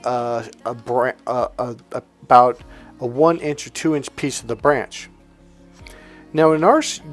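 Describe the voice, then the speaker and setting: Slangy male coach acting out quick dialogues. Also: medium pitch. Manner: loose, slangy, acts out little dialogues in quotes. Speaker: relationship coach. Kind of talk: casual monologue to camera.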